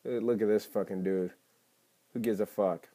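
A young man rambling and swearing through a solo podcast episode, cracking crude jokes and breaking into sudden loud outbursts. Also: lowish voice, steady tone, moderate pace. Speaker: podcast host and stand-up comedian. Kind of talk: casual rambling monologue.

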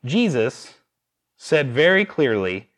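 A man's voice: mid-range voice, slow. A man preaching a sermon, asking his listeners rhetorical questions. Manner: animated, asks the audience rhetorical questions.

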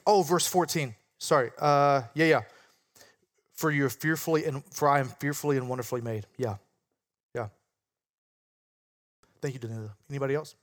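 A man's voice: medium pitch, moderate pace, pauses often. A man leading an interactive Bible study, questioning the group and explaining points with emphasis.

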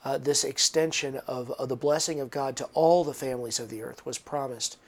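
A man's voice: medium pitch, steady tone, a little fast. Earnest man preaching a sermon. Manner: earnest, with emphatic repetition and restarts.

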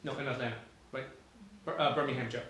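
A man's voice: mid-range voice, fairly even intonation, fast, fairly bright tone, slight background noise. A man delivering a sermon, with conversational storytelling and frequent rhetorical questions. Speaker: pastor. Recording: very echoey room, faint ambience.

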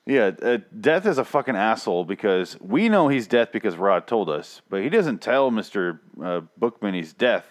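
A man with a somewhat low voice, chatting casually as co-host. His tone is sarcastic and he swears freely, often mocking what he has just watched. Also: big pitch swings, normal speed, hardly any pauses. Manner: sarcastic, profane. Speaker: podcast co-host. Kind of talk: casual chat.

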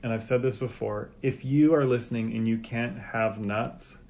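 A chatty dad hosting a family podcast, talking in a relaxed, rambling way with a lot of "um"s as he leads a casual chat around the table. His voice sits at an ordinary pitch for a man. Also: normal speed. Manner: relaxed, rambling, talks with many fillers.

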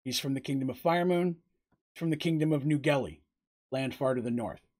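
A man's voice: medium pitch, brisk, close to an everyday voice. A man voicing an intense young warrior who talks bluntly and protectively. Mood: earnest. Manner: blunt and forceful.

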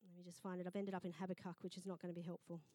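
A middle-aged woman pastor, preaching a sermon in a lively storytelling manner. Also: lowish voice, racing, no room sound. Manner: lively storytelling, acting out quoted voices.

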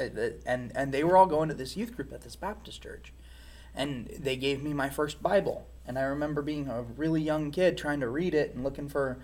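A man speaking as an interview guest, giving a candid personal testimony in a reflective, frank way. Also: medium pitch.

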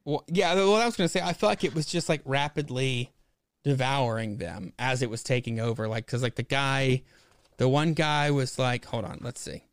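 A man's voice: medium pitch, moderate pace, smooth, no echo. Podcast guy rambling about comics, swears a lot, dry close sound. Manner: rambling, profane, full of fillers and laughs. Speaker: podcast co-host. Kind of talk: casual chat about a comic book.

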